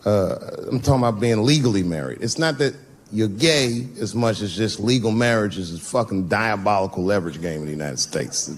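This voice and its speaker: A man's voice: on the low side, brisk, slight background noise. A man doing stand-up, telling a story in a profane, conversational and wry way. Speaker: stand-up comedian.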